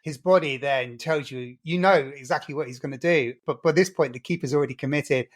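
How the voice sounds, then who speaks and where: A man's voice: mid-range voice, a little fast. A man co-hosting a casual football podcast, telling stories with enthusiasm. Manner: enthusiastic, storytelling. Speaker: podcast co-host.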